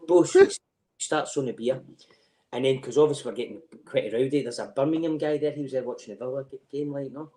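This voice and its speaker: A middle-aged Scottish man tells rowdy stories at a rapid clip as a podcast guest. His voice sits at an ordinary male pitch. He is animated, swears freely and laughs as he goes. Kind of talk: casual anecdote telling.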